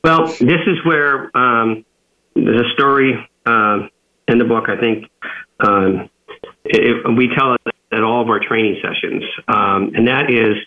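A man's voice: medium pitch, slow pace. Man telling a story over a phone line. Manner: rambling, frequent fillers and restarts. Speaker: guest, author and entrepreneur. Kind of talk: storytelling in an interview. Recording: tinny phone-line audio.

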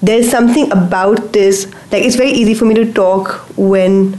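Female guest, mid-pitched, halting and hesitant while opening up. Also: steady tone, mellow, poor audio. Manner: hesitant, many fillers and restarts while opening up. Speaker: guest receiving facilitation. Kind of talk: casual conversation.

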